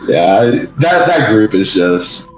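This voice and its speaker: A man's voice: fairly low pitch, slow pace, over music. A man guest on a gaming podcast, casually telling stories and acting out what others said. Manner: animated storytelling, acts out quotes. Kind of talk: casual interview chat. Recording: echoey room.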